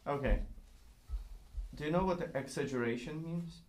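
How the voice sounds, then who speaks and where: A man's voice: on the high side, moderate pace, a little mellow. A man teaching a child violin one-on-one, patiently explaining and singing the bowing rhythms aloud. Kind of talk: one-on-one music lesson. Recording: echoey room with faint noise.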